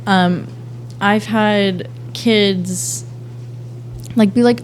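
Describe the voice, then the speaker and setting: A woman in her twenties from the Boston area, a podcast guest talking casually and softly, with lots of fillers like "um" and "like". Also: mid-range voice, normal speed, slight background noise. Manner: soft-spoken, relaxed, lots of "like" and "um". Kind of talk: casual interview chat.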